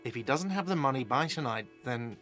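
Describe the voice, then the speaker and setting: A man's voice: mid-range voice, lively intonation, brisk, a bit bright, soft background music, lightly acted. An actor playing an irritable, sarcastic male hostel manager in a game, talking curtly. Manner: curt and sarcastic. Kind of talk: game voice acting.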